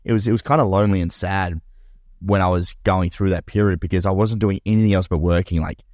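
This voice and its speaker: Fast-talking deep Australian man. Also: steady tone, darkish tone, no room sound, clean studio sound. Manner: quick, repeats words as he starts, upbeat. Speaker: podcast co-host. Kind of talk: casual chat. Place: home, Melbourne.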